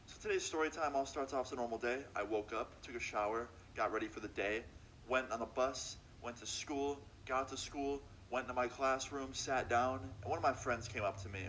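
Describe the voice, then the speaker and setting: A man's voice: medium pitch, a little fast, a bit bright, a little hiss or hum, poor audio. A young man casually narrating a story in a laid-back, slangy way, acting out both sides of the dialogue.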